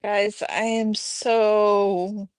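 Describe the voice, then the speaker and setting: A woman's voice: mid-range voice, flat delivery, very slow, clean tone, no room sound. A woman hosting a casual livestream from home, chatting with viewers and addressing them by name. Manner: chatty, talks to chat viewers and her pets by name. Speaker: livestream host. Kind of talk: casual chat reading viewer comments.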